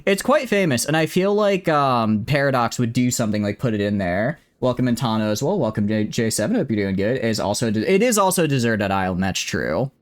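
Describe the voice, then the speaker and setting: A man's voice: medium pitch, big pitch swings, a little fast, hardly any pauses. A man streaming a strategy game live, chatting casually with his viewers, rambling and poking fun at himself as he greets people in chat by name. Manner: rambling, self-deprecating, frequent restarts and fillers.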